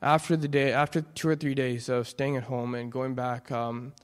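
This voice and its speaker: A young man giving an earnest, halting personal testimony in church, full of restarts. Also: medium pitch, flat delivery, clean tone. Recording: long hall reverb.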